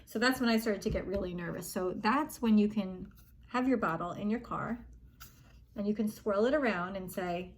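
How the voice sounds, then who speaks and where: A woman's voice: medium pitch, normal speed. Earnest woman coach giving reassuring advice. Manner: earnest and reassuring, acts out an athlete's panicked inner voice. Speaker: gymnastics coach. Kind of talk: casual spoken coaching advice.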